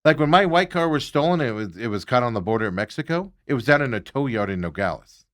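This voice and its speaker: A man hosting a talk show, telling stories in a casual, animated way and ranting with exasperation. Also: medium pitch, quick pace. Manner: animated storytelling, exasperated rants. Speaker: radio show host. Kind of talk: casual chat.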